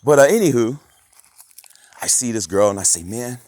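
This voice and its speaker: A man vlogging a rambling, profane rant that swings between muttering and loud outbursts. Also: medium pitch, expressive, moderate pace, no echo. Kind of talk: rambling monologue.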